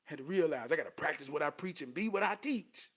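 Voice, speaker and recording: A man giving a casual motivational talk in an animated, preachy way, with streetwise slang. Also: on the high side, fast talker, slightly rough.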